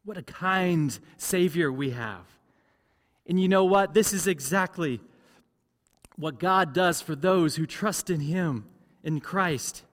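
A man's voice: on the high side, slow. Earnest male pastor in a reverberant church. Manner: earnest, repeats key phrases for emphasis. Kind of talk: sermon. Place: large church sanctuary.

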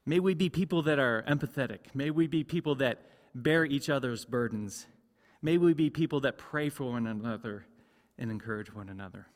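A man's voice: mid-range voice, moderate pace. A man preaching a sermon as pastor, earnest, repeating key phrases for emphasis. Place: large church sanctuary. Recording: long church reverb.

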